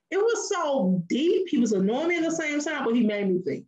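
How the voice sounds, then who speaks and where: A woman co-hosting a podcast, talking in a lively, preachy way and laughing often. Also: high voice, a little fast, hardly any pauses, lo-fi sound. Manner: animated, preachy, laughs often, mimics voices in stories. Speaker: podcast co-host. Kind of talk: casual podcast chat. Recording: roomy echoey room.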